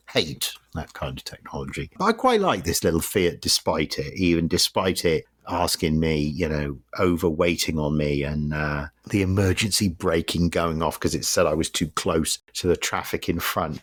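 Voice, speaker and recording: A deep-voiced middle-aged Englishman talks through a car review in a loose, rambling way, blunt and wry, with swearing. The sound is dry and close, with no room around it. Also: fairly bright tone, no echo. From England. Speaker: podcast host. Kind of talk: casual car review chat.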